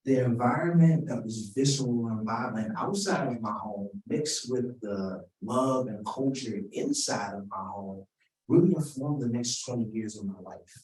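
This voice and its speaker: A man in his forties gives a keynote address in a relaxed, joking, conversational way, his voice at an everyday middle pitch. He is picked up from some distance, and the sound carries plenty of room echo from the hall. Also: normal speed. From Washington, D.C. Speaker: keynote speaker. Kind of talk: keynote speech. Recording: roomy sound, mic at a distance.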